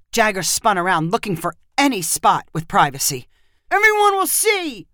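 A woman narrating a short story with an expressive, lively reading style. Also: medium pitch, no echo, studio quality.

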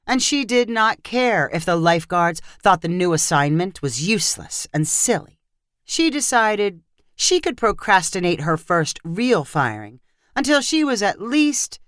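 Slow, expressive woman storyteller. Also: mid-range voice, smooth, no echo, studio quality. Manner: expressive, acts out the characters. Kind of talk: scripted story narration.

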